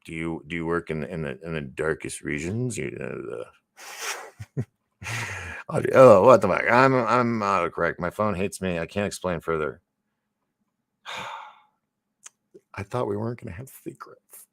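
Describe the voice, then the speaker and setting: A man with a low, gravelly voice hosts a casual livestream and reads viewer comments aloud. He rambles, trails off mid-thought and restarts, with gasps and chuckles between remarks. The sound is dry, with no room echo. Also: expressive, normal speed, fairly bright tone. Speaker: livestream host.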